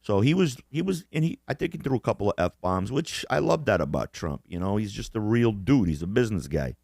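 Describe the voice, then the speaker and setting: Deep voiced guy rambling on a podcast, swears a lot, laughs, dry close sound. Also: fairly quick, vocal fry, dry recording. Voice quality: swears constantly, animated mimicry. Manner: laughs often, rambling restarts. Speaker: podcast co-host. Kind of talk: casual chat.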